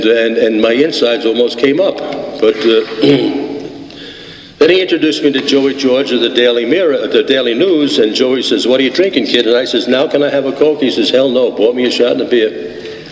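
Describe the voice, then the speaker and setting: An older man with a thick Brooklyn accent tells a long story at a recovery meeting, wandering and wry, with plenty of ums and restarts. His voice sits in the middle range. The recording comes from a roomy hall with a long echo and a faint hum behind him. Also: mid-range voice. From Brooklyn, New York. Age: 80s. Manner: rambling and wry, with many fillers and restarts. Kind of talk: storytelling talk to an audience. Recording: echoey hall from the audience.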